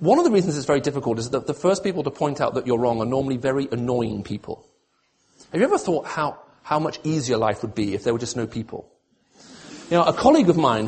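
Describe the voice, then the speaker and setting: A man's voice: mid-range voice, darkish tone, husky. A man preaching a sermon, pleading with emotion when voicing God's appeals and turning to dry, self-mocking humour.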